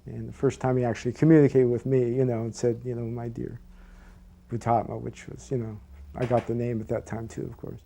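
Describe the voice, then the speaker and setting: A man reflecting thoughtfully in an interview, speaking softly and trailing off with fillers. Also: medium pitch, flat delivery, a little fast, gravelly. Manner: thoughtful, soft-spoken, with many fillers and trailing off. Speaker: devotee sharing memories.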